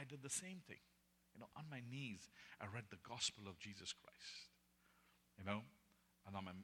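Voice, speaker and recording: Guy preaching his testimony, bright punchy voice, lowish, big hall echo. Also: slightly rough. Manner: animated storytelling, laughs often. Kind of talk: sermon testimony.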